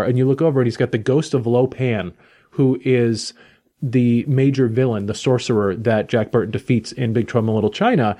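A man hosting a podcast, retelling a story in an enthusiastic, animated way in casual chat. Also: medium pitch, normal speed. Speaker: podcast host.

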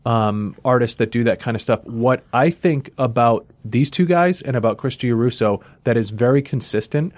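A man's voice: mid-range voice, normal speed, few pauses, a little mellow, no room sound. A man co-hosting a casual comic book talk show, giving thoughtful, appreciative commentary. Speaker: comic book podcast co-host. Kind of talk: casual chat.

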